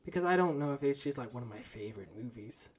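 A man's voice: mid-range voice, animated, fast talker, slight background noise. A man hosting a podcast in casual chat, teasing his guest in a dry way. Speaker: podcast host.

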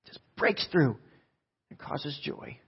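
A man preaching a live sermon to a church congregation, joking and swinging from loud bursts to soft, low asides. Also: lively intonation, slow pace, vocal fry, breathy edge, dull audio. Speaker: pastor.

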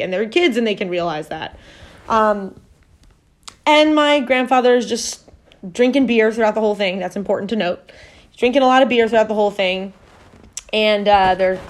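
A woman hosting a casual podcast at home, telling a family story in a rambling way full of fillers and self-corrections. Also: mid-range voice. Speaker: podcast host.

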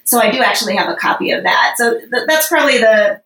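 Telling a personal story on a podcast, this woman guest talks fast with lively intonation, her fairly high voice creaky and a bit bright. She's casual, emotional and rambling, with lots of fillers, and the audio carries a roomy echo.

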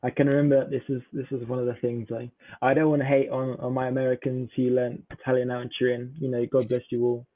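Young english guy from the south, rambly chat, flat even tone, sounds like a phone line. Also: medium pitch, fast, few pauses, no echo. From southern England. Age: young adult. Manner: rambling, peppered with filler words. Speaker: podcast guest. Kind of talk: casual chat.

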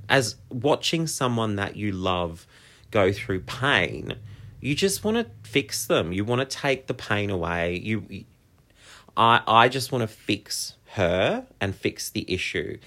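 A man's voice: fairly low pitch, creaky, fairly bright tone. A man, hosting a solo podcast and talking in an open, heartfelt, reflective way. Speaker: podcast host. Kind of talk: candid solo podcast monologue.

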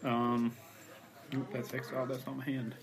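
A man's voice: medium pitch, monotone, normal speed, a crowd in the background. A man playing a card game, talking through his turn and counting out his moves. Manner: thinks aloud, counts and explains his moves.

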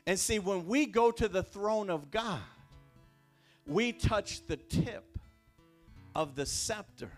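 A man preaching a sermon as pastor, talking in a conversational way with repeated phrases and restarts, dropping quiet and then rising loud. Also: high voice, takes it slowly, long pauses, faint music behind. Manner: swings between hushed and raised. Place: church sanctuary.

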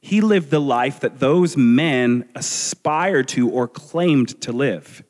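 A man preaching a sermon as a pastor, earnest and measured, asking his listeners rhetorical questions. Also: medium pitch, lively intonation, darkish tone. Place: church sanctuary. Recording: long reverb of a large hall.

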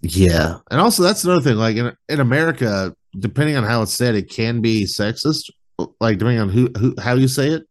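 A man's voice: mid-range voice, lively intonation, a little fast. A man hosting a podcast, chatting casually and jokingly, swearing freely as he rambles. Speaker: podcast host. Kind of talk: casual chat.

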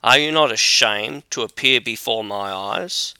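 Man voicing old count, scolding father, smooth resonant voice, dry close sound. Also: medium pitch, measured pace, sharp tone, no echo. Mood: stern. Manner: scolding and stern. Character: angry aged count, a harsh father.

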